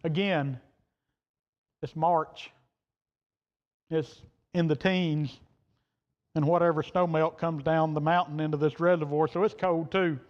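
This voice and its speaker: A man with a fairly high, steady voice preaches in a church sanctuary, talking a little slowly and pausing often. He tells a folksy, plain-spoken story and quotes the people in it, captured in dull, echoey church-hall audio.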